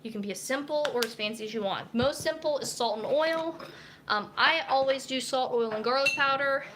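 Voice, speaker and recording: Briskly and in a high register, the young dietitian chats loosely, full of fillers, as she cooks at home on a live stream. A camera mic captures her over a noisy background.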